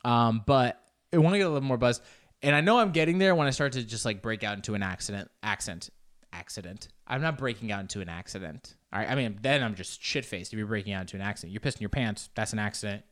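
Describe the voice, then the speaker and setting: Smooth-voiced young man rambling loosely. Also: fairly low pitch, fast talker, fairly bright tone. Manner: loose, joking, swears, restarts often. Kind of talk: casual rambling monologue.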